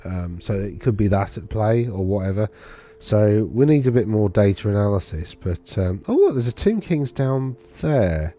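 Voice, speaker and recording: This wargaming video host's lowish, warm voice has a sing-song lilt, moving at normal speed with few pauses. He talks casually through tournament data on his screen in screen-share commentary, rambling and correcting himself as he thinks aloud.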